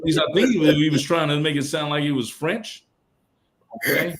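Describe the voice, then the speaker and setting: Middle-aged man, podcast guest, colloquial storytelling, quotes people in character, loud-to-hushed swings. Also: a little high, moderate pace. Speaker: guest speaker.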